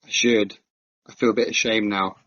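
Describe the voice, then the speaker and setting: A man on a film podcast, chatting casually and thinking out loud with fillers and restarts. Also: on the low side, level tone, moderate pace, dry recording, dull audio. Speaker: podcast co-host.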